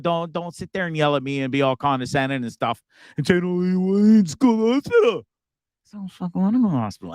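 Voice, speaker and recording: A man's voice: on the high side, dry recording. A man hosting a live show, talking casually with a profane, rambling manner. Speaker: host.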